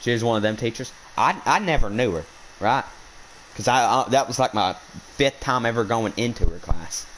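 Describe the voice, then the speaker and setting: A young man vlogging outdoors during a hunt speaks in an animated, medium-pitched, slightly bright voice at normal speed. His indignant story wanders and keeps restarting, captured on a rough recording with a bit of background noise.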